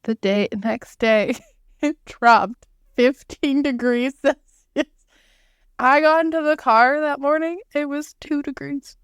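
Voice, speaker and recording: A young woman co-hosting a podcast, telling stories in an animated, excitable way. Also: sits high, takes it slowly, no echo, clean studio sound. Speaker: podcast co-host. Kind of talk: casual chat.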